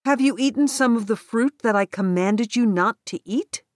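A woman voicing God as a stern, grieving divine father in a storybook reading, grave and measured. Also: fairly high pitch, no room sound, clean studio sound, lightly acted.

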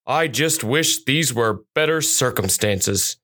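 A reader doing a steady, dignified police dog. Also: medium pitch, slow pace. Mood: weary. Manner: calm and steady. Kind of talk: children's storybook voice.

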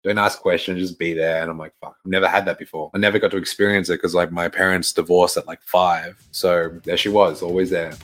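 A man's voice: sits low, level tone, a little fast, hardly any pauses, a bit bright. A young man telling a personal story in a frank, casual way, swearing freely and laughing between lines. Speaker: fitness coach sharing a personal story.

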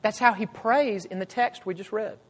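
A man preaching a sermon with earnest emphasis, swinging between loud cries and hushed low phrases. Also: fairly even intonation, normal speed, in a large hall. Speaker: pastor.

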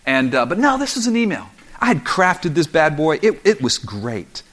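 A man's voice: on the high side, sing-song, moderate pace, fairly bright tone. A middle-aged man preaching a sermon as a pastor, conversational and humorous, telling self-deprecating stories.

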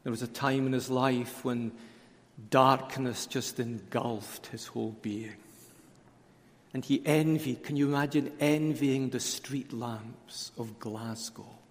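A man preaching a conference sermon, speaking slowly and deliberately with emphatic repetition. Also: medium pitch, fairly even intonation. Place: conference hall. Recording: reverberant hall.

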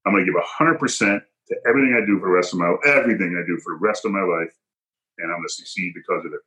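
A man tells a personal story as a podcast guest, hitting his points hard and acting out the voices of people he quotes. His voice sits a little low and has a bright, forceful edge. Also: racing, rough recording. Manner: emphatic, punchy, acts out quoted dialogue.

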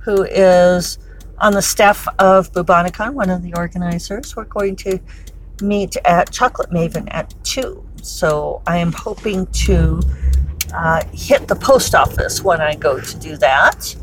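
A woman's voice: lowish voice, measured pace, slight background noise, poor audio. A middle-aged woman chatting casually while driving, wry and talkative with laughing asides. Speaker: author podcaster. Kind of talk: casual commute vlog. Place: in a car, driving.

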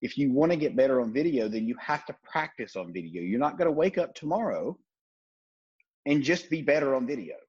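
A man's voice: mid-range voice, sing-song, fairly quick, a little mellow, breathy edge, lo-fi sound. A man hosting a podcast, giving blunt, profane sales coaching in a casual talk. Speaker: podcast host.

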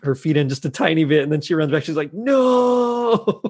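A man's voice: on the high side, flat delivery, rapid-fire, a little mellow, slightly rough. A man chatting casually as he retells a TV episode, laughing often as he goes. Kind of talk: casual chat recapping a TV episode.

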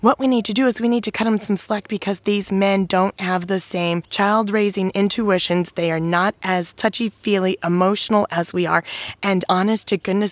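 A woman in her thirties talking to other mothers in a casual storytelling monologue, animated and acting out the dialogue she recounts. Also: a little fast, no echo. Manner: animated, acts out quoted dialogue with pitch jumps. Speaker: speaker addressing mothers.

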